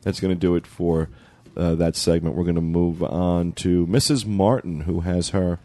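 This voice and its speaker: Man, low voice, podcast host, relaxed, joking banter. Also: normal speed, dry recording. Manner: relaxed, joking, talks with mouth full. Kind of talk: casual roundtable chat.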